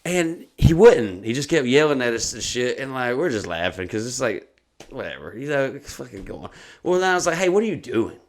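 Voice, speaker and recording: A man's voice: mid-range voice, very animated, a little fast. A man telling a long, profane, rambling story in casual podcast talk. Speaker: comedian.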